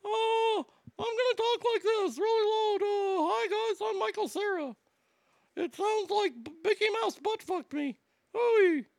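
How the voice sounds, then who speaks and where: A man doing a mocking impression of an awkward young man in a high squeaky falsetto. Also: measured pace, vocal fry, no echo, exaggerated voice.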